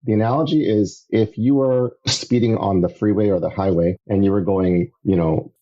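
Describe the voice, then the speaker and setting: A middle-aged man from Canada, a podcast guest telling his faith story in a casual, animated way. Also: on the low side, moderate pace, muffled recording. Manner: animated storyteller, acts out voices. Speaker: podcast guest, evangelist turned entrepreneur.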